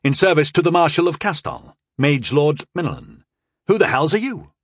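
A man's voice: on the high side, very animated, moderate pace, no room sound, studio quality, pitched above the performer's own voice. A man voicing a stern young male knight mage who barks brusque military commands. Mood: commanding.

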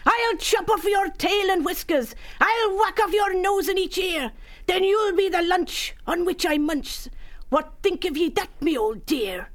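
A man voicing a boastful pantomime sea rat villain, declaiming in a rough pirate voice for a storybook. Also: very high-pitched, a little slow, fairly bright tone, pitched above the performer's own voice. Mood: mocking. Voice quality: rough, growly pirate talk. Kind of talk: storybook narration.

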